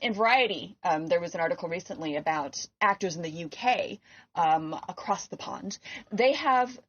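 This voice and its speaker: A woman's voice: on the low side, expressive, normal speed. A woman from California co-hosting a podcast in casual chat, explaining things with lots of "like" and "um". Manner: chatty, explains with many "like"s and "um"s. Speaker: podcast co-host. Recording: lo-fi podcast recording.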